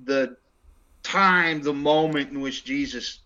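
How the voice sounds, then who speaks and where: A man's voice: a little high, slow pace, pushed and bright, highs cut off. A man co-hosting a casual comedy podcast, throwing in playful quips. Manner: quippy, playful interjections. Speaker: podcast co-host.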